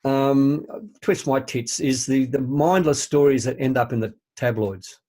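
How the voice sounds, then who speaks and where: A man's voice: mid-range voice, measured pace, dark tone. An older man co-hosting a podcast, chatting casually in a rambling, hesitant way and laughing easily. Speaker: podcast co-host. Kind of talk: casual chat.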